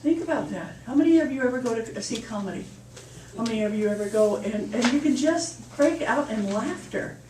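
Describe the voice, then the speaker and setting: A woman's voice: fairly high pitch, lively intonation, a little fast, noisy background. A woman minister giving a sermon in a chatty, storytelling way. She laughs at her own jokes. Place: church hall. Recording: echoey hall, mic far off.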